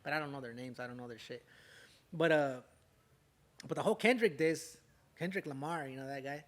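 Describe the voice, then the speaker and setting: A young Southern Californian rapper, appearing as a podcast guest, tells a story in casual, profane street slang, dropping tag words like "way" and "fool." His voice sits on the high side, brisk and fairly bright.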